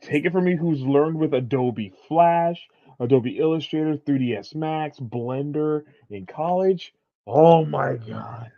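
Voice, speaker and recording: A man's voice: on the high side, unhurried, vocal fry. A man as a guest in a casual chat, joking playfully. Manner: playful, jokey interjections. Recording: dull lo-fi sound.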